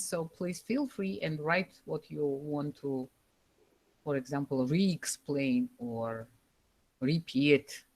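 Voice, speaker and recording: A woman lecturing a university class over a live online call, pausing often and searching for words with fillers. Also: sits low, darkish tone. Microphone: computer microphone over a video call.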